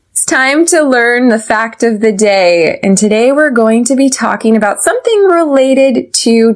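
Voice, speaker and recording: An American woman hosting an English-learning podcast, explaining an idiom and leading slow repeat-after-me drills. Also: a little high, low-quality recording. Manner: slow, clear drills with laughs. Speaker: English teacher and podcast host. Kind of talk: scripted teaching.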